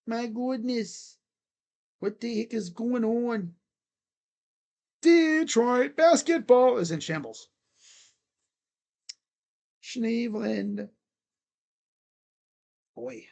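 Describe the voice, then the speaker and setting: A streamer giving live play-by-play reaction to a basketball game, reading out stats and getting excitable, repeating catchphrases and laughing. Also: mid-range voice, drawn-out words, pauses often. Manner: reads out box score stats.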